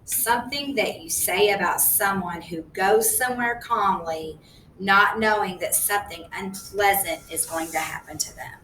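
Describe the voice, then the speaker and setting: Woman reader, measured storytelling, bright tone, faint background hum. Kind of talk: reading a novel aloud. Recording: echoey room, distant mic, faint rumble.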